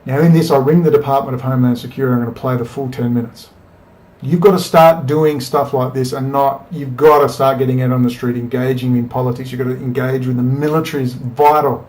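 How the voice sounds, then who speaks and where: A man's voice: mid-range voice, fairly even intonation, fast, darkish tone. A man giving a combative, profane monologue to camera, firing off rhetorical questions as a political commentator. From Australia.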